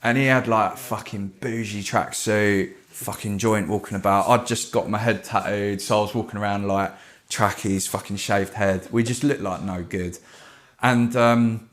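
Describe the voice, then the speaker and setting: Low-voiced man telling stories. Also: moderate pace. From Kent, England. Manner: animated, swears constantly, does voices. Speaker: tattoo artist guest. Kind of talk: casual storytelling.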